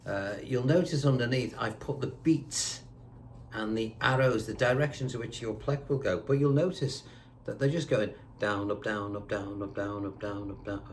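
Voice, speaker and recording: A man's voice: lowish voice, fairly even intonation, normal speed, a little hiss or hum. A man teaching a guitar lesson, chatty and reassuring, counting notes aloud while seated indoors. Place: indoors, seated on a squeaky chair.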